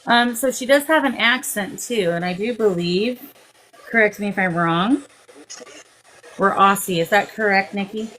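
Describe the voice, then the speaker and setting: A woman's voice: medium pitch, normal speed, fairly bright tone, slight background noise, low-quality recording. A woman hosting a live-stream psychic session as a medium, calling spirits with endearments and speaking into a phone. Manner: coaxing, affectionate, talks to spirits with endearments.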